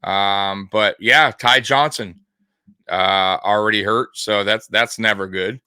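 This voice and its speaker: A man hosting a sports video, talking casually over highlight clips in a rambling way with lots of fillers. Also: slow pace, sharp tone, clear, resonant tone, dry recording. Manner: rambling, many fillers and restarts.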